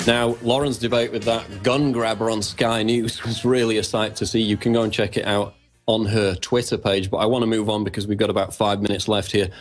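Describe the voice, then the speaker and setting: A man guest-hosting a talk radio show, speaking briskly and emphatically. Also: fairly low pitch, steady tone, soft background music. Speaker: guest host.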